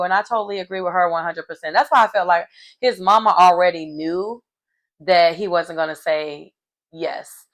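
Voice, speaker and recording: A woman's voice: fairly low pitch, fairly even intonation, moderate pace. A woman hosting a casual reality TV recap, sassy and colloquial, laughing often as she reacts.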